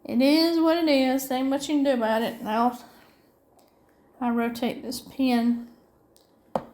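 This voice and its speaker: A woman's voice: high-pitched, fairly even intonation, a little slow, a little mellow. A middle-aged woman with a Southern US accent from upstate South Carolina, chatting in a rambling, folksy way while she crafts. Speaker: diamond painting vlogger.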